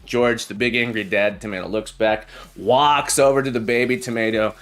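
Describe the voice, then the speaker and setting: A man's voice: medium pitch, steady tone, moderate pace, a bit bright. A man who teaches programming, chatting casually on a live coding stream, telling jokes and often repeating his phrases. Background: faint background music.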